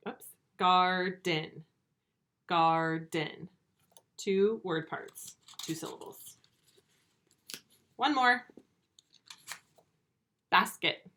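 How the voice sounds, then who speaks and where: A woman teaching first graders in a recorded video lesson, speaking slowly and clearly, stretching words out and asking patient, encouraging questions. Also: fairly low pitch, fairly bright tone. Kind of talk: remote video lesson for young children.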